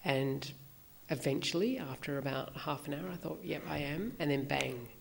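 A woman talks through her own experience in a reflective, halting way. Her voice sits low and carries a gravelly fry, and she often pauses on fillers. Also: slight background noise. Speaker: recovery meeting speaker. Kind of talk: personal sharing talk.

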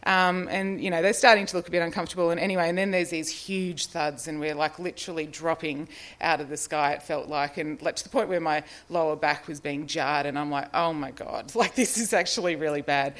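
Low-voiced Australian woman telling her story. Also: steady tone, a little fast, few pauses. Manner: rambling, self-deprecating, laughs often, many fillers. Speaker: person in recovery sharing her story. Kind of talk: personal testimony, casual storytelling.

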